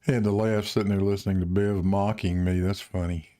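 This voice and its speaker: A man with a Southern drawl hosts a casual stream chat. His voice sits low and mellow, and he jokes loosely and restarts his sentences. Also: little pitch movement, a little fast. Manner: joking, with fillers and restarts. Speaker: host of a live stream.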